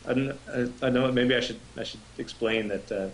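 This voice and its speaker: A man's voice: mid-range voice, steady tone, a little fast, rough recording. Male co-host, casual stream chatter, rambling anecdotes, salty language, faint background hum. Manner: rambling storyteller, swears freely. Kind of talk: casual live-stream chat.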